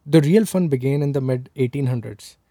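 A man from India co-hosting a casual chat, explaining history in a relaxed way with fillers. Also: mid-range voice, a little fast, no room sound, clean studio sound. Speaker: podcast co-host.

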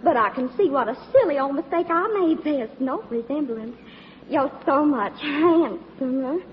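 An actress playing a flirtatious movie star who puts on a sugary southern-belle drawl, in a 1940s radio comedy. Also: female voice, high voice, moderate pace, a little hiss or hum. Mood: syrupy. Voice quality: coy, sugary drawl with mock flattery. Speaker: actress character Gloria LaGrange. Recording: dull old radio recording in a hall with audience.

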